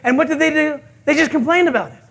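A male pastor preaching a sermon, telling stories with animated acted-out quotes and chuckles. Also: very high voice, quick pace, gravelly.

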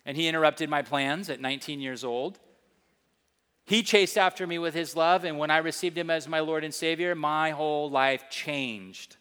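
Middle-aged pastor guy preaching, bright tense voice, bit high, slow emphatic, echoey church hall. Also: fairly even intonation, smooth. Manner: emphatic storytelling, slow deliberate scripture reading. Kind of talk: sermon.

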